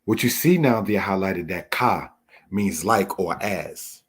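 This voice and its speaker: A man teaching a Torah lesson, explaining word meanings in a measured way and addressing his listeners as brothers and sisters. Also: low voice, husky. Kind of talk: slow spoken Bible lesson.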